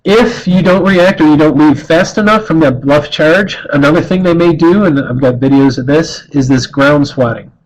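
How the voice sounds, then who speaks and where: Earnest man explaining, slightly high voice. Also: normal speed, hardly any pauses, low-quality recording. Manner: earnest, conversational, frequent restarts and repeated words. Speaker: wildlife educator. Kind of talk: informal talk on bear behavior.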